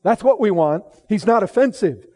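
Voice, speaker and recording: A middle-aged man preaching a sermon with emphatic delivery, swinging from low, solemn tones to loud exclamations and often repeating and restarting phrases. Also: animated, moderate pace.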